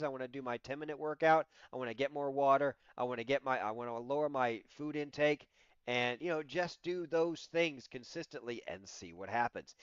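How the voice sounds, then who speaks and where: A man's voice: mid-range voice, clean tone, no echo, highs cut off. A man in his sixties chatting casually on a livestream, telling stories with frequent laughs and acting out what he said. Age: 60s. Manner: chatty storytelling, laughs often, acts out his own quoted lines. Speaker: livestream host.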